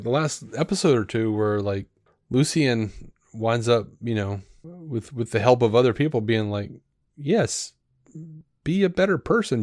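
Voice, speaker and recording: A man in casual podcast chat, at an average pitch for a man, recorded close and dry. He rambles along with fillers and restarts and breaks into animated acted-out quotes as he retells scenes. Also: dry recording. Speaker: podcast co-host.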